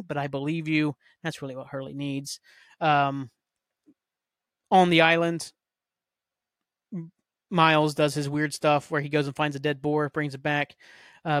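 A man's voice: a little high, fairly bright tone, no echo, clean studio sound. Rambling, swearing man recapping a show. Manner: rambling, profane, lots of fillers. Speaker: podcast host. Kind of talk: casual solo recap chat.

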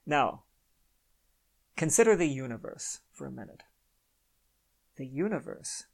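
Gravelly opinionated man hosting a podcast. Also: mid-range voice, very animated, unhurried. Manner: opinionated, rambling, chuckles often, apologetic asides. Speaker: podcast host. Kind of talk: unscripted solo podcast monologue.

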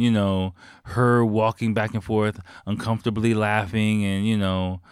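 A man's voice: deep voice, clear, resonant tone, no room sound, studio quality. A man frankly recounting a personal story in a reflective, casual manner, swearing now and then.

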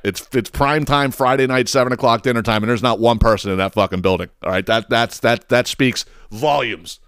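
A man from the United States hosting a podcast, telling a comedic story in a profane, animated way with stammering restarts. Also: mid-range voice, normal speed, clear, resonant tone, no echo, clean studio sound. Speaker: podcast host.

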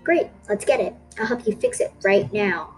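A woman's voice: medium pitch, normal speed, darkish tone, soft background music, lightly acted, rough recording. A woman voicing a defensive, hurt schoolboy rival with a pleading manner, in a storybook reading.

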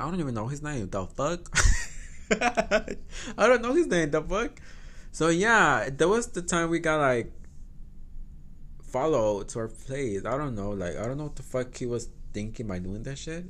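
Animated young man. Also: mid-range voice. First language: Spanish. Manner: animated, swears a lot, laughs often. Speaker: podcast host. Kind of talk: casual storytelling.

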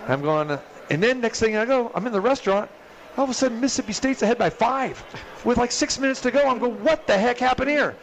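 A man hosting a casual sports betting chat, telling animated stories and acting out what others said. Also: fast talker, slight background noise. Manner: animated storyteller, acts out quotes with loud high bursts. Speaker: sports betting show host.

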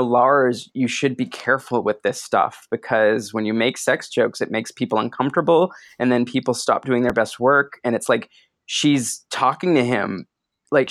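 A man chatting casually on a podcast about a film, talking in quick, profane bursts with laughs. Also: mid-range voice, a bit bright, no echo. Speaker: podcast co-host. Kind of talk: casual film-discussion chat.

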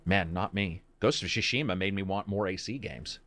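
A man hosting a casual talk stream about video games, rambling and animated, talking to his chat. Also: low-pitched, normal speed. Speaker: host.

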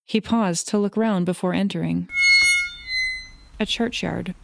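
Woman narrating a story gravely. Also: lowish voice, a little slow, darkish tone, soft background music. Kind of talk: audiobook reading.

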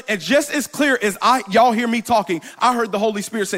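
A male pastor with a notably high-pitched voice delivers a live sermon to his congregation. He tells stories with humor and talks directly to the people in front of him. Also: a little fast, few pauses, a bit bright. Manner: playful, storytelling, talks straight to the congregation.

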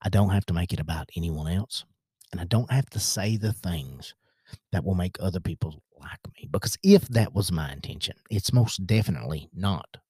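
A man's voice: deep voice, animated, normal speed, a little mellow, husky, no room sound, clean studio sound. A man with a rural American country accent, hosting a podcast monologue in a frank, rambling way with many restarts. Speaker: podcast host.

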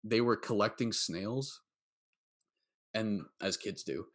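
Podcast host: man, lowish voice, relaxed storyteller, casual asides. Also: slow. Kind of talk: casual podcast conversation and anecdote.

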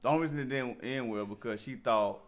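A man's voice: medium pitch, fast. A man hosting a casual group chat, telling loose stories with laughter.

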